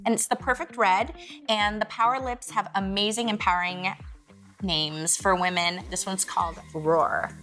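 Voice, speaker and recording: A woman's voice: medium pitch, fairly even intonation, normal speed, a bit bright. Chatty bubbly woman in her 40s, gushy vlog host, bit of music behind. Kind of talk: casual lifestyle vlog.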